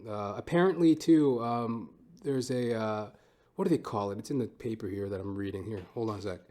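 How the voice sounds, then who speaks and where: A man's voice: lowish voice, fairly quick, warm tone. A man hosting his own podcast, talking in a casual, rambling, profane and self-mocking monologue from home. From Canada. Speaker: podcast host.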